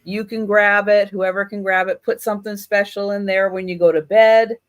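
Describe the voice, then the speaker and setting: A woman hosting a live online vintage sale, describing items in a relaxed, chatty way with lots of fillers. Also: medium pitch, dry recording, clean studio sound. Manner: unhurried, chatty with many fillers. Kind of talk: casual live selling.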